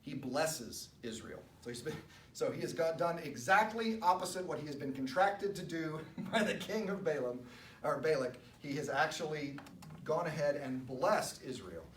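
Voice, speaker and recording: A man teaching a Bible study in a church room, talking in a relaxed, conversational way with wry asides. His voice sits a little high for a man. The room is echoey, the mic is distant, and a faint hiss lies underneath. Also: normal speed.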